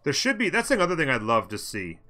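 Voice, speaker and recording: A man's voice: medium pitch, huge pitch swings, fast talker, sharp tone. A man hosting a strategy game let's play, chatting and thinking aloud as he plays and answering his chat.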